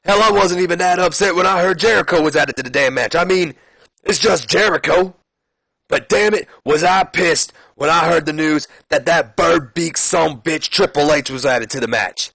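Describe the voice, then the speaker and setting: A man voicing an angry, foul-mouthed male brawler who curses through a slow, loud rant. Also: fairly high pitch, vocal fry, dry recording, voice pushed up, exaggerated voice, rough recording.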